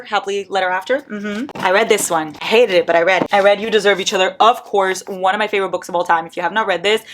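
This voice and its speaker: A woman's voice: mid-range voice, a bit bright, a little hiss or hum. A woman whose first language is Portuguese, chatting casually at home by her bookshelves and counting her books aloud with self-mocking asides. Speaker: book vlogger. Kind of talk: casual vlog.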